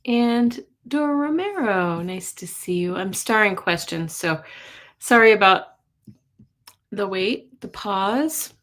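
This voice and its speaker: A woman's voice: mid-range voice, expressive, slow, fairly bright tone. A woman hosting a casual live stream as a psychic reader, greeting viewers by name in a chatty way.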